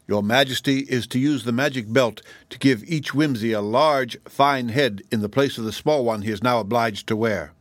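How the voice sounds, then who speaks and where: A man's voice: mid-range voice, normal speed, few pauses, no room sound, lightly acted. A man doing a proud boastful gnome general. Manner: proud, assured, sometimes irritable. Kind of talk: audiobook character reading.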